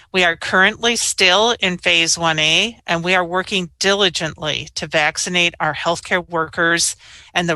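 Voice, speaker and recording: A middle-aged woman gives measured, explanatory briefing remarks as a state health official. Her voice is bright and forceful, and it sits dry and close to the microphone with no room sound around it. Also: fairly low pitch, no echo.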